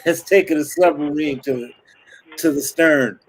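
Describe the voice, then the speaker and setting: A man's voice: on the high side, unhurried, low-quality recording. Joking male interview host. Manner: joking, playful. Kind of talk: casual interview chat.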